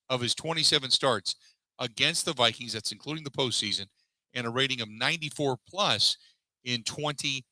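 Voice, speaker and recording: A man's voice: medium pitch, pushed and bright, dry recording, poor audio. A man hosting a sports talk show, recapping a press conference and reeling off statistics in a conversational way, with many fillers. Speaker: sports radio host. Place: live broadcast from a pub.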